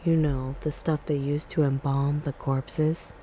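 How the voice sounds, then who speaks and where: A sharp, confident girl, as a woman reads her. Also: deep voice, level tone, a little slow, slight background noise. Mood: snappy. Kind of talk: soft ASMR reading.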